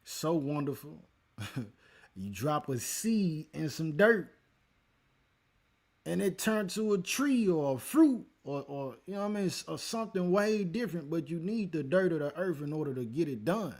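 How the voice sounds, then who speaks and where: A man hosting a livestream who reads and answers his chat in a relaxed, casual way and teaches from scripture with growing emphasis. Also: a little high, normal speed. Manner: laid-back, talks to the chat, calls listeners man and y'all.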